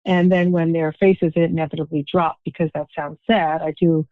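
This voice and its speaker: A woman's voice: deep voice, level tone, normal speed, dry recording, narrow, tinny audio. A woman in her fifties, an author telling her story in a podcast interview over the phone, wry and self-deprecating. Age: 50s. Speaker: author, guest. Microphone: phone call.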